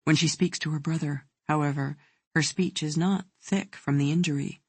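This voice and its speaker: An audiobook narrator reading a thriller in a measured, even way. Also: medium pitch, breathy edge, no echo.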